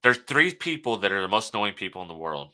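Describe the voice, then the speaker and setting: Blunt opinionated man, very bright voice. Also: lowish voice, big pitch swings, fast. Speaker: podcast co-host. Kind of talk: casual chat.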